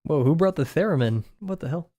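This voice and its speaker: A man's voice: fairly high pitch, expressive, brisk, mellow. Chatty man rambling during a stream. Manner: rambling, laughs often, many fillers. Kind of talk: casual chat while drawing.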